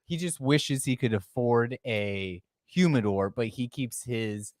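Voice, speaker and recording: A man's voice: medium pitch, slow, a little mellow, no echo, studio quality. A man on a casual podcast, reading viewer comments aloud in an easygoing way.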